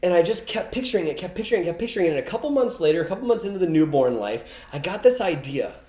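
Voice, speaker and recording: A man's voice: sits high, big pitch swings, very fast, dark tone, echoey room. A man teaching a recorded course lesson, energetically telling a story and acting out quoted dialogue. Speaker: online course coach.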